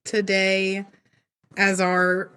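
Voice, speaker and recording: A young woman co-hosting a podcast in casual chat, easygoing and quick to laugh and agree. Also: mid-range voice, monotone, sharp tone, clear, resonant tone. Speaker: podcast co-host.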